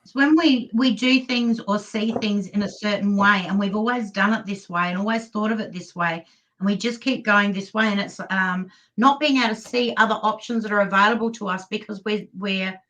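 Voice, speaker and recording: An Australian woman in a mid-range voice reads cards live on a stream. She talks softly and thinks aloud, often pausing on "um" as she searches for the words. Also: mid-range voice, poor audio. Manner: gentle, hesitant, many "um"s. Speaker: psychic reader. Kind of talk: live online card reading.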